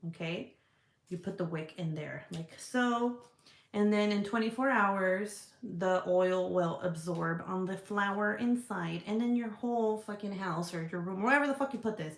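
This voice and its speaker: A woman's voice: medium pitch, echoey room. A woman hosting a casual livestream, chatty and profane as she answers viewer comments. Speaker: livestream host selling scented products. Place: indoor room.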